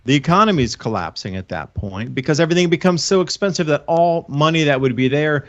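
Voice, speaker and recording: A man's voice: on the high side, lively intonation, fast talker. Earnest rambling man, lo-fi sound. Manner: rambling, earnest explanations with restarts. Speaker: guest, online channel host. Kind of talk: casual monologue on a show. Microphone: own microphone.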